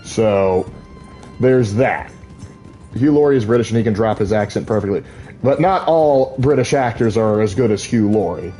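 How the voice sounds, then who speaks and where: A man's voice: fairly low pitch, normal speed, mellow, soft background music. A man casually commentating on his gameplay, rambling through opinionated asides full of "like.". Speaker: gaming streamer.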